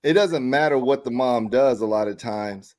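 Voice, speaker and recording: A middle-aged man co-hosting a casual talk show, telling a story with lively energy. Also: mid-range voice, normal speed. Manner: animated storyteller who acts out quoted people. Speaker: podcast co-host.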